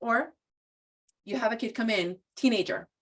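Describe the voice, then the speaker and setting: A woman's voice: mid-range voice, expressive, measured pace. A woman giving a conversational training talk, casual and full of "like" and "you know.". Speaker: presenter at a professional training.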